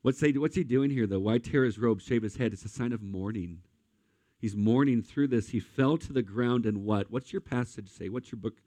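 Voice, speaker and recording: Male pastor, mid pitch, earnest storytelling sermon delivery, dry close recording. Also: moderate pace, warm tone, no echo. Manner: emotional storytelling, addresses audience as guys and friends.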